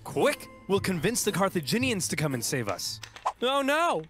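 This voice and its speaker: A man's voice: high-pitched, very animated, normal speed, pitched above the performer's own voice. A man voicing a panicking group of male mercenaries who whine and plead for rescue, with music behind him. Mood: panicked. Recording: narration over music.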